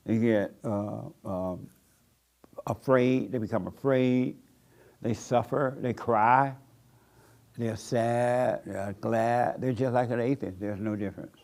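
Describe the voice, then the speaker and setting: A man's voice: medium pitch, darkish tone. A man preaching a sermon in a church room, blunt and repetitive, with rhetorical questions. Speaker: pastor.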